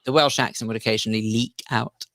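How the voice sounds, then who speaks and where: Playful English radio co-host. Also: male voice, lowish voice, steady tone, fast talker, fairly bright tone, no room sound. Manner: playful, self-mocking, mock-indignant. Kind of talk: casual radio banter. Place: radio studio. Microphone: studio microphone.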